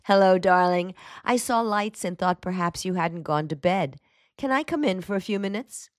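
A woman's voice: lowish voice, normal speed, no echo, studio quality, pitched above the performer's own voice, lightly acted. A woman voicing an earnest young male soldier who speaks in terse, clipped sentences.

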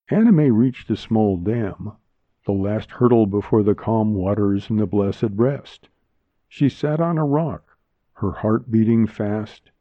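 A man narrating a short story as a volunteer reader, in a measured, hushed delivery recorded with a dull, lo-fi sound on a close mic. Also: fairly low pitch, no room sound. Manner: slow, measured, hushed reading. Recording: dull lo-fi dry studio sound.

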